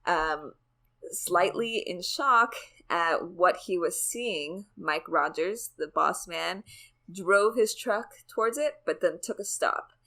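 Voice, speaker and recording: A woman's voice: fairly low pitch, slow pace, pushed and bright. A woman co-hosting a podcast, casually telling a story in a chatty, sweary way with lots of "like". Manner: chatty, sweary, says "like" a lot. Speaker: podcast co-host.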